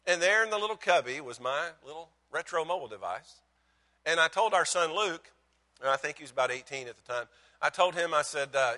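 A middle-aged man preaching a guest sermon with humorous personal stories, animated and self-deprecating, swinging from loud exclaiming to quiet asides. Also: fairly high pitch, fairly quick, big-room sound.

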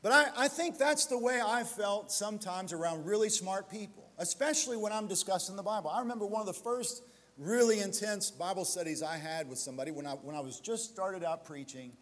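A man's voice: high-pitched, fairly quick, fairly bright tone, big-room sound. A male pastor preaching a sermon, building to emphatic exhortation and slipping into self-deprecating storytelling asides.

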